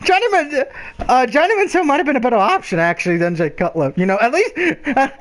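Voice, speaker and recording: High-pitched man ranting about football. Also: fast talker, a little hiss or hum. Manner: blunt, profane, animated ranting. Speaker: sports picks podcast host. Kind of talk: casual sports chat.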